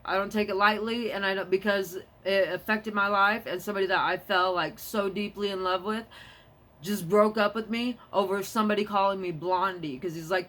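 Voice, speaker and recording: A woman's voice: mid-range voice, fairly bright tone. Rambling, fired-up woman vlogger. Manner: rambling, tangential, quick to get heated. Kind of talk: rambling casual monologue to camera.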